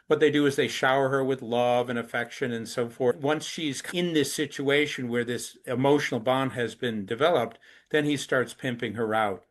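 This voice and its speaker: A man's voice: medium pitch, fairly bright tone. A middle-aged man being interviewed, earnestly explaining hard subjects through step-by-step examples. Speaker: anti-trafficking activist, interview guest. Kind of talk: conversational interview.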